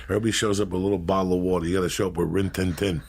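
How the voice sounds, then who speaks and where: A middle-aged man telling crude, profane stories in a brash, animated way on a talk show. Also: low-pitched, rapid-fire. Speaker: storyteller guest. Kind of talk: profane casual storytelling.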